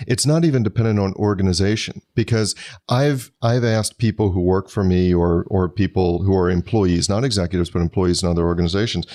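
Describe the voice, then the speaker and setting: Low-voiced man telling business stories. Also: fairly quick, warm tone. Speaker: guest, business owner. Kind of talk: casual conversation.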